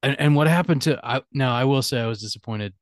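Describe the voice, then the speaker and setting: A man's voice: medium pitch, fast, no echo, studio quality. A man hosting a podcast, chatting casually in a rambling, musing way and chuckling often. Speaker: podcast host. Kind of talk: casual chat.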